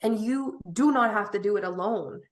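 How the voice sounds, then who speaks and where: A woman's voice: medium pitch, moderate pace. Emphatic motivational woman on a podcast. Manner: emphatic, motivational, swears casually. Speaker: guest, event organizer. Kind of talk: casual podcast interview.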